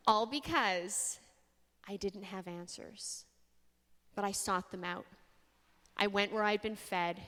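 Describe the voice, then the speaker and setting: A young woman from Canada giving a faith talk to an audience, an expressive storyteller with dramatic pauses. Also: mid-range voice. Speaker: speaker. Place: large hall. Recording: long hall reverb.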